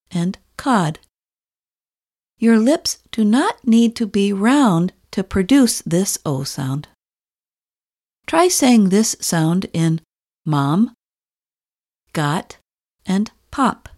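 Slow, deliberate woman teacher. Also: mid-range voice, darkish tone. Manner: slow, deliberate and clearly enunciated. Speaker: English teacher. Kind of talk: scripted slow teaching narration.

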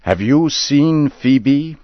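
Guy reading as a mixed-up old farmer begging to find his wife, lively ups and downs, kinda dull sound. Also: on the high side, extremely slow, no echo, pitched above the performer's own voice. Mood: insistent. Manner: insistent, pleading. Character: confused grieving old farmer man.

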